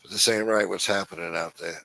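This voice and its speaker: A man's voice: low-pitched, fairly even intonation, a little fast, vocal fry, pushed and bright, rough recording. A man hosting a livestream, ranting in an angry, profane, blunt manner. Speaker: host. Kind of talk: livestream political rant.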